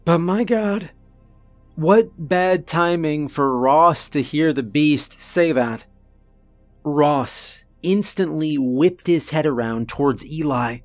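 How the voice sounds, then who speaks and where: A man narrates a first-person horror story slowly and deliberately, leaning on dramatic pauses. His voice sits somewhat high for a man and sounds dry and close. Faint music plays behind him. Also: dry recording.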